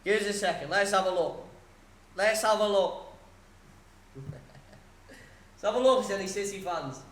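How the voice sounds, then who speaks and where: A man's voice: high-pitched, lively intonation, normal speed, a bit bright, reverberant. A young man streaming a football watchalong, chatting casually, swearing and laughing as he reads out live scores. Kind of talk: live score commentary and chat.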